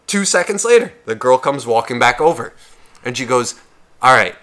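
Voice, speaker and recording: Talking a little fast in a mid-range voice, a podcast co-host tells a story about a bar in casual conversation. He's heavy on swearing and animated, voicing other people's lines in shifting tones.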